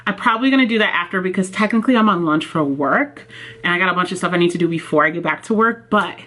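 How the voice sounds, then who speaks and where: A woman book vlogger chatting casually and excitedly at home. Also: fairly low pitch, fast. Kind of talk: casual vlog chat. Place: home office, indoors.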